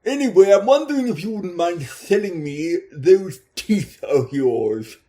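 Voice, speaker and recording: A man's voice: high-pitched, expressive, a little slow, dark tone, voice pushed up. A man voicing a toothless, pompous pimp in a raised, mock-genteel voice. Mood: smarmy.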